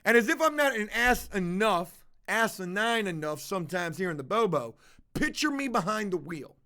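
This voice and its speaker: A man's voice: high-pitched, very animated, moderate pace, pushed and bright. A man livestreaming to his viewers, telling a confessional story in a blunt, profane, casual way. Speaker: livestreaming vlogger.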